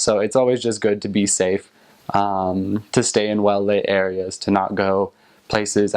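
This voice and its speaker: A man's voice: on the low side, a little mellow. A young man in his twenties, a returned missionary, giving casual, plain-spoken advice and recollections.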